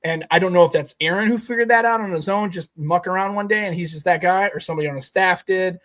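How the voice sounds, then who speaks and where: A man's voice: high voice, quick pace, fairly bright tone. A man co-hosting a casual tech podcast, rambling and emphatic, swearing now and then. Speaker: podcast co-host.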